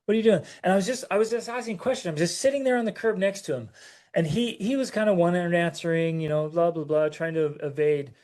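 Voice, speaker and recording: A man co-hosting a parenting talk, telling a personal story in a halting, emotional way, full of restarts and repeated words. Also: high voice, a little mellow. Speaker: parenting show co-host.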